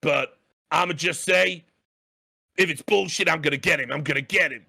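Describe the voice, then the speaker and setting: A man putting on a gruff, blustering voice of a macho bounty hunter while retelling a TV scene. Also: fairly high pitch, normal speed, bright, forceful tone, pitched above the performer's own voice, heavily acted.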